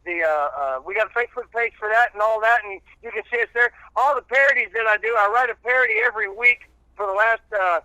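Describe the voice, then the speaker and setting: A man, chatting casually as a guest on a podcast, folksy and halting with many fillers. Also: high-pitched, bright, forceful tone, no echo, low-quality recording. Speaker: radio host and guest.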